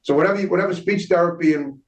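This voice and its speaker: A man's voice: high-pitched, very fast. A man hosting an interview, asking rambling questions and repeating words. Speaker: interview host. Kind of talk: casual interview chat. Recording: roomy, distant, dull audio.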